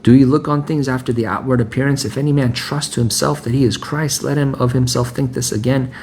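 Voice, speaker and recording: A man's voice: mid-range voice, fairly even intonation, fairly quick, a little mellow. A man preaching informally, reading scripture and then explaining it in a conversational way that keeps checking in with "right?" and repeats his phrases.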